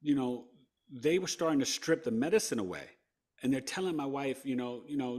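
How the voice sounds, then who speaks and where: Male podcast guest from New York, mid-range voice, animated storyteller who shifts between hushed and loud. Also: mid-range voice, a little fast. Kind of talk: emotional personal storytelling.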